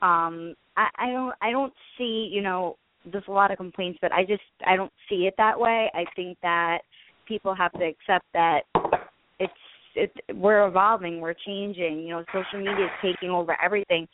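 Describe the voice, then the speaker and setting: A woman from Staten Island with a New York accent, a guest on a call-in interview, upbeat and quick. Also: on the low side, steady tone, background noise. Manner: quick, upbeat, laughs often. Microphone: phone. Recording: tinny phone line.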